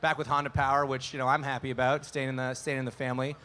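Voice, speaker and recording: A man's voice: medium pitch, flat delivery, quick pace, bright, forceful tone, slight background noise. A man hosting a live radio show in front of an audience, joking and self-deprecating as he works the crowd. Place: live event floor with an audience.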